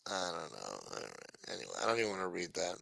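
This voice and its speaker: Low-pitched and gravelly, a bit bright, and very animated, this fast-talking man hosts a late-night show with no room sound. He's from New York, carries the accent, and rambles through a sarcastic, casual monologue full of swearing.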